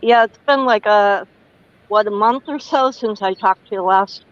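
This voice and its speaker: A woman's voice: mid-range voice, normal speed, dry recording. Easygoing woman on a muffled line. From Massachusetts. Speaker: guest caller. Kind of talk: casual chat.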